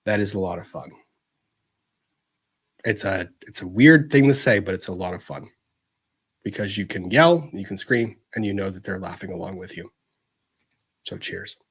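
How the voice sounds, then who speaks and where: A man hosting a livestream, chatting casually and gently as he answers viewer messages, with plenty of fillers and restarts. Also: deep voice, lively intonation, normal speed, pauses often, slightly rough.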